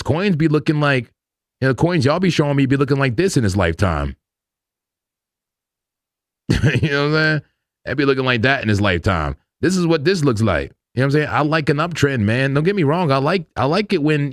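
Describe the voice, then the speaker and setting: A man's voice: medium pitch, lively intonation, a little fast, no echo, studio quality. A man hosting a live crypto trading stream, chatting loosely in slang and laughing often as he talks through charts. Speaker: crypto trading livestream host. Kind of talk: casual live market commentary.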